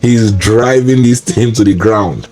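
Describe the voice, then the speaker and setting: A football pundit hosts a solo match preview, ranting in an exasperated, repetitive way. His voice is fairly low and mellow, his pace measured, with faint music in the background.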